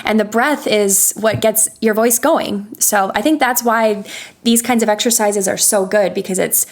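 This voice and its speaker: A woman voice coach in a podcast interview, patiently explaining vocal warm-up exercises and demonstrating hums and sighs. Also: mid-range voice, moderate pace.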